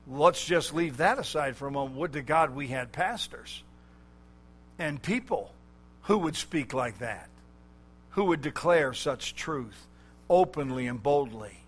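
A man preaching a sermon, slow and emphatic, drawing out key words. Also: on the high side, lively intonation.

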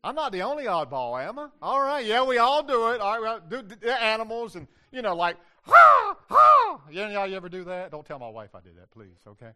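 Older preacher, high and bright. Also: male voice, animated, quick pace, few pauses. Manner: loud, emphatic preaching; addresses the congregation with questions. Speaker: pastor. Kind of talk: sermon.

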